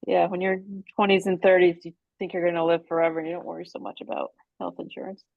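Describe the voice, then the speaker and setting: A woman's voice: on the low side, little pitch movement, fast, gravelly, no room sound, narrow, tinny audio. A woman on a committee discussing budget items, conversational and thinking aloud. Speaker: committee member. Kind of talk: meeting discussion.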